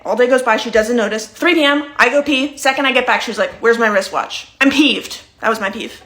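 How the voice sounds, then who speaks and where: A woman's voice: a little high, brisk, hardly any pauses, fairly bright tone. A young woman performing short comedy sketches, playing every part herself with a dry, matter-of-fact delivery.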